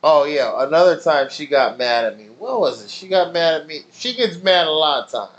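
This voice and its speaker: A man's voice: on the high side, expressive, normal speed, lo-fi sound. A man streaming, telling rambling stories in loose slang with plenty of swearing. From family in Nigeria. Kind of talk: casual chat with stream viewers.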